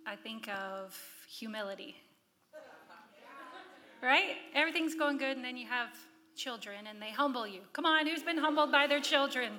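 A woman's voice: on the high side, pushed and bright. A middle-aged woman giving a sermon on parenting, earnest and calling out to the congregation.

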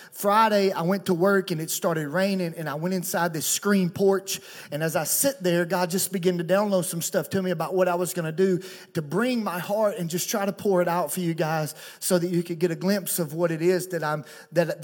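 A man preaching as a guest pastor at a church, talking fast, emotional and effusive. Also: sits high. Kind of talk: sermon. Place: church stage.

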